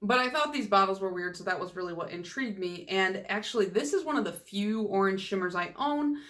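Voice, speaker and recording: A young woman talking casually to camera, chatty and rambling, with plenty of asides and a self-deprecating streak. Her voice sits at an ordinary middle pitch for a woman. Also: expressive, a little fast, a bit bright. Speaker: nail polish YouTuber. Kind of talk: casual chat.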